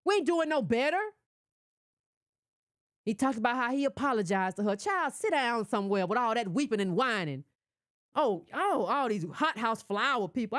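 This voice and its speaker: Sassy scolding woman, high and lively. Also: moderate pace, no echo, clean studio sound. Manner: sassy, scolding, rhetorical questions. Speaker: political commentator. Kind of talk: casual political monologue.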